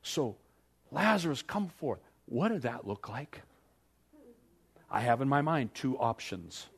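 A male pastor preaching a sermon, acting out scripture scenes with animated storytelling. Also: mid-range voice, slow, husky.

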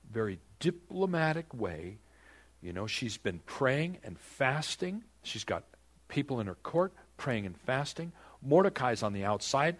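A man's voice: medium pitch, breathy edge. A man preaching a Bible-teaching sermon, asking rhetorical questions and dramatizing the text.

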